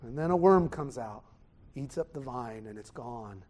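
A man preaching a sermon, animated, swinging from loud exclamations to hushed tones. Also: medium pitch, unhurried, slight background noise.

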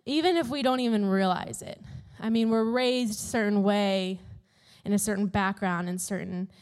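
A young woman telling a Bible story to a youth group in a casual, animated way, full of "like" and "literally". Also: medium pitch, moderate pace. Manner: animated, chatty, fills talk with "like" and "literally".

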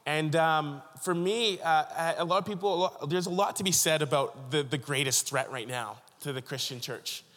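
A man's voice: fairly high pitch, moderate pace, hardly any pauses, fairly bright tone, in a large hall. A man from Ontario preaching a sermon as a pastor, telling stories earnestly with frequent restarts. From Canada (Ontario).

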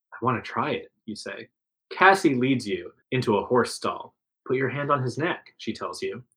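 A man reads a second-person adventure story aloud, giving the quoted lines a bit of extra life. His voice is bright and forward, with a middle pitch. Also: poor audio. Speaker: narrator reading an interactive story. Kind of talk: reading a second-person choose-your-path story aloud.

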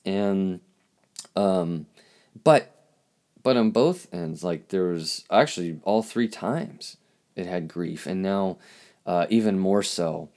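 Halting, emotional man with a low voice. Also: darkish tone. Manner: halting, searching for words, emotional. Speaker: podcast host. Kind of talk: personal reflective monologue.

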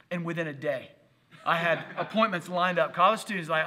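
A man's voice: on the high side, a little fast. A man preaching a livestreamed sermon, telling stories animatedly and acting out other people's voices. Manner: animated storytelling with acted voices. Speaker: pastor. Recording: livestream audio.

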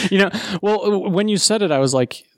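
A man's voice: high voice, no echo, clean studio sound. A man hosting a fan podcast in casual chat, easygoing and often laughing along. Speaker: podcast host.

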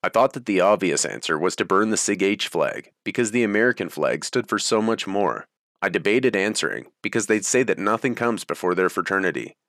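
Male memoir narrator: steady, even delivery, lower register, close dry recording. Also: brisk, no echo. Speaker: audiobook narrator. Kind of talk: first-person memoir narration.

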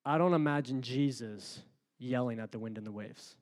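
A man preaching a sermon, moving between calm, quiet talk and loud, rising passages. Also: medium pitch, normal speed, in a large hall. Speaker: pastor.

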